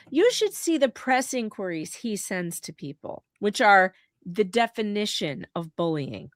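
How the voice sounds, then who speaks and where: Woman, mid pitch, sarcastic guest voice, deadpan asides, dry close mic. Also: measured pace, no room sound. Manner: dry, sarcastic, mock news-anchor delivery. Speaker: guest co-host. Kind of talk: casual live-stream chat.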